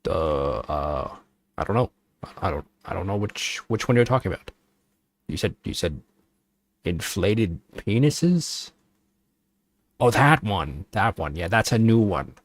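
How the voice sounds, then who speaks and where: A man's voice: low voice, sing-song, unhurried, pauses often, no echo. A man streaming and chatting casually, joking around, trailing off and repeating himself as he goes. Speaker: VTuber streamer. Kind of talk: casual livestream chat.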